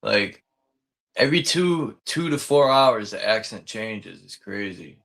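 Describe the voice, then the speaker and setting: A man's voice: on the low side, expressive, a little slow, gravelly, a bit bright. A man hosting a casual, rambling chat, talking loosely with frequent swearing and restarts. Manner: rambling, profane, loose and conversational.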